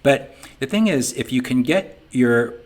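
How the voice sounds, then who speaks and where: A man's voice: medium pitch, lively intonation, a little slow, a little hiss or hum. A middle-aged man with a Boston accent giving an informal webinar talk, folksy and conversational, often saying "you know". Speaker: webinar presenter for a sign business software company.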